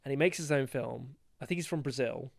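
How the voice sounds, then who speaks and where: A young man chatting as a podcast guest, telling stories with animation, laughing and swinging between loud and soft. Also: mid-range voice, a little fast, creaky, no room sound, clean studio sound. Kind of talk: casual chat. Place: podcast recording.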